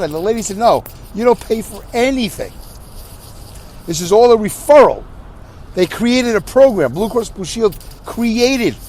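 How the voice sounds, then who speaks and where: A tired middle-aged man, hosting a podcast and telling a rambling story, acting out both sides of a conversation. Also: high voice. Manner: animated, acts out dialogue, rambling and self-interrupting. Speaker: podcast host. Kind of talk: casual storytelling monologue.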